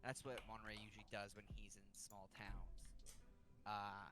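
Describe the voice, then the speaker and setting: A player describing his character's actions in a hesitant, halting way during a tabletop game. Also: sits low, level tone. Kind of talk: casual game talk.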